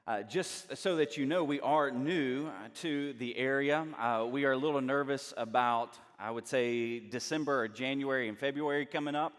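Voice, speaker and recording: A man's voice: mid-range voice, moderate pace, few pauses, fairly bright tone. A man with a Southern US accent, preaching a sermon as a guest speaker in a church, conversational and self-deprecating. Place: church sanctuary. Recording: reverberant church hall.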